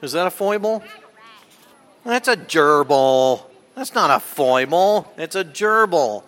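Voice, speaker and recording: A man's voice: a little high, expressive, slow pace, fairly bright tone. A man giving a children's sermon in a church, playful and coaxing, asking the children question after question. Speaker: pastor. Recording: long echo of a large hall.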